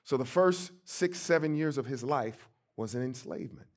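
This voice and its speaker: A middle-aged man from St. Louis, a pastor giving a storytelling sermon, emphatic and swinging between soft and loud. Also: medium pitch, lively intonation, moderate pace. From St. Louis, USA.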